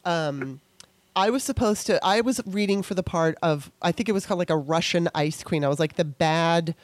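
Woman, interview host, animated storyteller, casual chat, dry close recording. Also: fairly low pitch, moderate pace, no echo. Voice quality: animated, chatty storyteller with many restarts. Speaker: podcast host and former actor.

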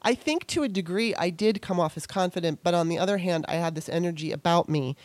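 A woman hosting an interview, a former actor telling a lively story in casual chat with many restarts. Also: on the low side, quick pace, dry recording. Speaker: podcast host and former actor.

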